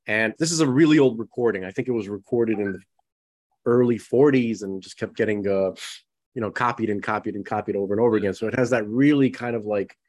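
A man's voice: lowish voice, fast talker, a little mellow. A man co-hosting a podcast in casual conversation, talking in a rambling way with many restarts and "you know"s. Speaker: podcast co-host.

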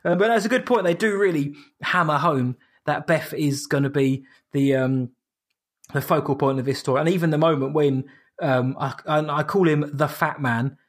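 A man's voice: a little high, moderate pace. A man, co-hosting a casual podcast chat and rambling through a film recap with frequent restarts. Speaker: podcast co-host reviewing a horror film.

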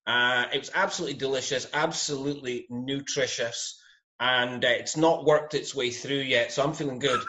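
A man's voice: mid-range voice, fairly even intonation, moderate pace, pushed and bright. A man with a Scottish accent, a podcast guest bantering in a jokey, self-mocking way. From Scotland. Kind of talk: casual chat. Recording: dull lo-fi remote audio.

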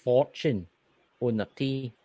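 A man's voice: medium pitch, slow pace, over a noisy crowd. A Scottish man co-hosting a casual podcast, joking and rambling with plenty of swearing. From Scotland. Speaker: co-host.

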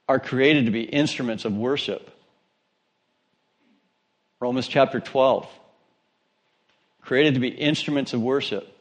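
A man preaching a sermon in a church, telling stories in a conversational way and joking with his congregation. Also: medium pitch. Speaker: pastor.

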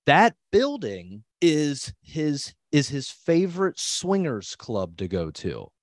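A man's voice: on the high side, huge pitch swings, slow pace, no room sound, studio quality. A young man hosting a podcast in casual chat, rambling and laughing, with crude language. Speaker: podcast host.

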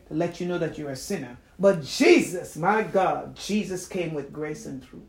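A woman preaching a sermon, retelling a testimony in a hushed voice and then rising to impassioned shouts. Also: sits low, moderate pace, vocal fry, few pauses. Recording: echoey room.

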